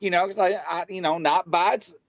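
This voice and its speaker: A little fast and with no echo, a man recounts a paranormal tale as a show guest in casual conversation. He animates the story by performing each quote with big swings in his voice.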